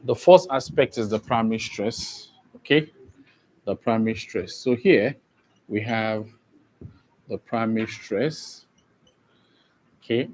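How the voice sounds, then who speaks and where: A man's voice: fairly low pitch, measured pace, darkish tone, slight background noise. A man teaching a class for an exam, who repeats key phrases and keeps checking that students follow. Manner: repetitive, checks understanding often. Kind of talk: exam prep lesson.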